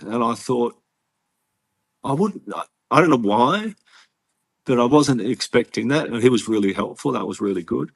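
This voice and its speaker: An Australian man talks through his story in a casual interview. His voice sits a little low, and he speaks earnestly, often breaking off and starting over. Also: animated. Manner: earnest, halting storytelling with frequent restarts. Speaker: interview guest.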